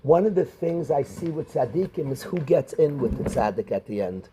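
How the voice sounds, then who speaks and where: A middle-aged rabbi, teaching a class of students and calling on them by name with questions. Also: male voice, a little high, lively intonation, normal speed, noisy background. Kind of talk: Torah class.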